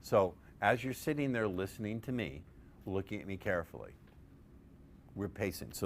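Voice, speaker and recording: A man's voice: on the low side, animated, normal speed. A man presenting a live seminar on persuasion, playful and profane, quizzing his audience with questions.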